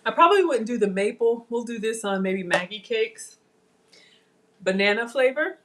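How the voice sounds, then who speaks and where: A woman's voice: on the high side, lively intonation, normal speed, a bit bright, slight background noise. Woman, live cooking vlogger, chatty and casual, says y'all a lot. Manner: chatty, addresses viewers as y'all, savoring food.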